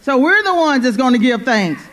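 A very animated woman preaches a sermon at a church service, her voice high and fairly bright at a normal speed, with slight background noise. She is fervent, repeating phrases and calling "Amen?" to the congregation.

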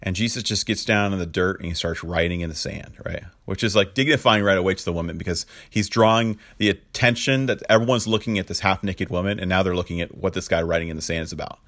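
A man's voice: sits low, fast, hardly any pauses, a bit bright, no room sound, studio quality. A man preaching in a conversational way, with casual fillers and chuckling asides. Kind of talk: conversational sermon teaching.

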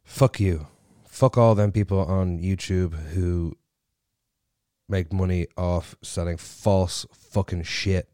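A man's voice: sits low, fairly even intonation, slow, warm tone, smooth, dry recording, clean studio sound. An Irish man ranting in a sweary, sarcastic, rambling monologue to his viewers. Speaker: vlogger.

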